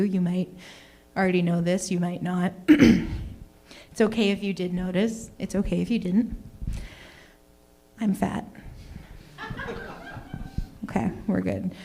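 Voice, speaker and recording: A young woman works an open mic stand-up set in a small comedy venue. She rambles, mocks herself and keeps chatting with the crowd, and she often breaks off into "oh my goodness." Her voice sits at an ordinary middle pitch. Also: vocal fry, a little mellow. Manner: rambling, self-mocking, chats with the crowd. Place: small comedy venue in front of a live audience.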